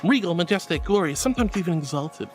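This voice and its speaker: A woman's voice: on the low side, lively intonation, fast, soft background music. A woman streamer chatting casually on a livestream, playful and theatrical, slipping into grand mock-solemn tones. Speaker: VTuber streamer.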